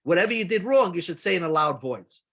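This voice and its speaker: A man's voice: high-pitched, lively intonation, fast, a bit bright. A man giving a daily Talmud lesson, explaining step by step with casual asides and freely mixing in Hebrew and Aramaic terms. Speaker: Talmud teacher.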